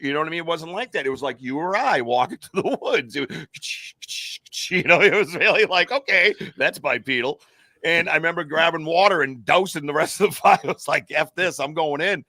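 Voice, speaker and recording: Speaking fast with few pauses, this American man uses a bright, forceful voice on the high side. As a podcast co-host, he rambles through a lengthy personal story, packed with fillers and restarts. There's no room sound, just clean studio audio.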